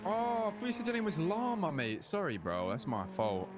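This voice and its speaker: A man's voice: high-pitched, huge pitch swings, moderate pace, background noise. A man doing in-character game roleplay, cheeky and bantering. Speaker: roleplay gamer playing a driver.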